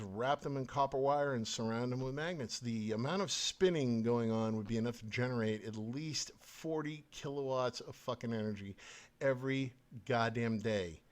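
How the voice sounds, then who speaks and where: A man's voice: mid-range voice, normal speed. Swearing, ranting male podcast host. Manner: angry, swearing, scornful. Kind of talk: profane political rant.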